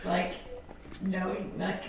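A woman's voice: fairly low pitch, completely flat delivery, takes it slowly, creaky. Young woman, distant and echoey. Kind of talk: casual chat. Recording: echoey, distant from mic, faint noise.

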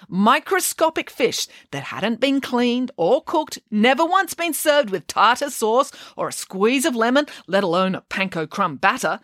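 A woman's voice: on the high side, fairly bright tone, no echo, clean studio sound, voice pushed up. A woman voicing a bossy, self-assured pig nanny in a read-aloud storybook, speaking emphatically like a know-it-all.

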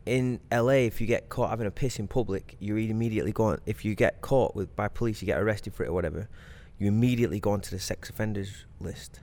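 A man's voice: fairly low pitch, fast talker, few pauses, a little mellow. A man co-hosting a podcast, blunt and argumentative, swearing freely in casual chat. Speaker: podcast co-host.

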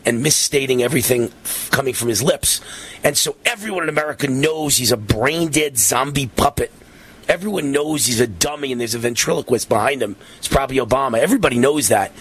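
A man hosting a talk show, giving excitable and passionate political commentary in a ranting manner. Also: on the high side, breathy edge.

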